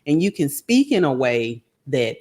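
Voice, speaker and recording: A woman, co-hosting a podcast and chatting casually with her husband in quick, emphatic bursts. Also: a bass voice, sing-song, a little mellow. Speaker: podcast co-host.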